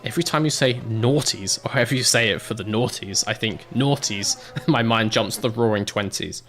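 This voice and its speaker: A man's voice: on the low side, fairly quick, fairly bright tone, slight background noise. A young British man casually commentating a racing manager game, chatting and answering chat in a rambling, swearing way. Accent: British English. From Britain.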